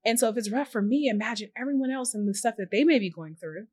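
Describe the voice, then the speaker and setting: This woman's husky voice sits on the high side, and she talks fast in a dry recording. A journalist and founder, she's a guest on a podcast, reflecting earnestly in a conversational interview. Warm-hearted, she brings her stories to life by acting out small quoted messages.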